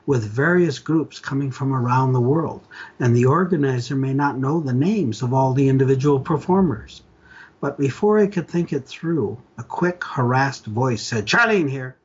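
An older man from Canada reads his own stories in an animated way, giving the characters their lines. His voice is husky and breathy at mid pitch. The recording sounds dull and muffled. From Ontario, Canada. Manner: animated storyteller, acts out dialogue. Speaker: author reading his stories. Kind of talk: reading aloud, storytelling.

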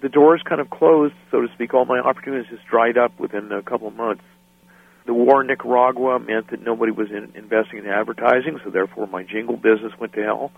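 A middle-aged American man, a musician and guest, telling lively anecdotes and acting out the people in them, often laughing. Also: mid-range voice, fast, vocal fry, husky. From United States. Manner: animated anecdotes, acts out quoted voices. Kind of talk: storytelling interview. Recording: dry phone-line sound.

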